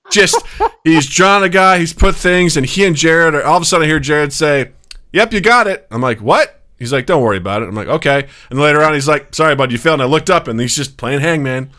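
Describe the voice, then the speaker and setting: A man's voice: a little high, sharp tone. A man co-hosting a podcast in casual chat, telling stories animatedly and acting out quotes. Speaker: podcast co-host.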